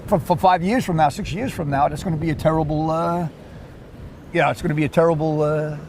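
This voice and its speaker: New York surf fisherman, lively raised voice, outdoors with faint background noise. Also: a little high, fairly quick. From Queens, New York. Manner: animated storyteller with repeated words and restarts. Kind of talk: casual chat.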